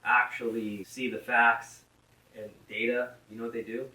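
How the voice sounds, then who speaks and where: A man's voice: medium pitch, flat delivery, normal speed, far from the mic, a crowd in the background. A man hosting a casual podcast chat, blunt and rambling, swearing freely. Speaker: podcast host. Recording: roomy echo, from off-mic.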